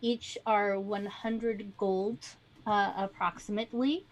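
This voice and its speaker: A woman running a tabletop game as game master, describing scenes in a measured way with frequent ums. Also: medium pitch, steady tone, background noise.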